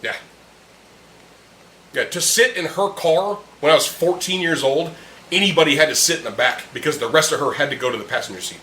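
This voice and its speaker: Here a young man hosts a casual chat, downing beer with friends as he rants heatedly and curses constantly. His voice is on the high side, fairly quick, bright and forceful. The podcast is captured in an echoey room with faint ambient noise.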